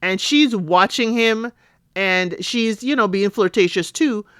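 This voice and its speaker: A woman's voice: mid-range voice, measured pace, clean tone, dry recording, studio quality. A middle-aged woman hosting a podcast, casually recapping a TV episode, acting out the characters' lines with playful asides. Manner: chatty, animated retelling with playful asides and laughs; acts out characters' lines in quotes.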